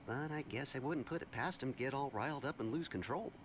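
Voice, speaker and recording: A man voicing a calm, reserved townsman who keeps an eye on the city and speaks in a measured, polite way. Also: mid-range voice, lightly acted, rough recording. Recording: game audio with clear background noise.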